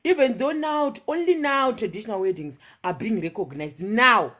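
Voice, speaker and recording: A woman's voice: a little high, lively intonation, moderate pace, sharp tone. A woman giving a passionate monologue of social commentary, firing off rhetorical questions and switching between English and Shona.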